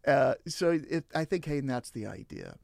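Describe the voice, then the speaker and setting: Animated man giving relationship advice. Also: normal speed, creaky, no echo. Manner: acts out quoted voices with big pitch swings. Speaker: relationship counselor guest.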